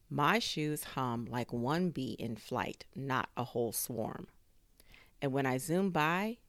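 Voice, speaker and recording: Woman, very low voice, animated children's read-aloud, dry studio sound. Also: no room sound. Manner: expressive, with sound effects. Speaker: story reader.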